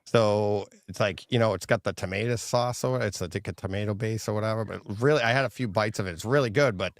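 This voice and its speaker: A middle-aged man co-hosting a home theater show, telling a story in a casual, animated way from his home theater room. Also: fairly low pitch, fast, no room sound, studio quality. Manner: animated storyteller, quoting himself in a raised voice. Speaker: podcast co-host. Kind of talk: casual chat.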